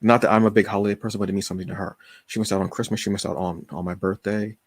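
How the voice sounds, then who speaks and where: A man with a deep, gravelly, slightly husky voice tells a personal story on his podcast. He speaks in an emotional, confessional way, full of fillers and restarts, and the recording is dry and close. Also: steady tone, no echo. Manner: halting, with many fillers and restarts. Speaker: podcast host.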